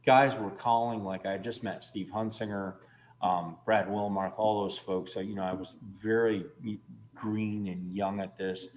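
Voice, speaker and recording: Man, 50s, low-voiced guest, rambling storyteller, swears freely, faint noise in the background. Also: a little mellow. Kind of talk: casual storytelling chat.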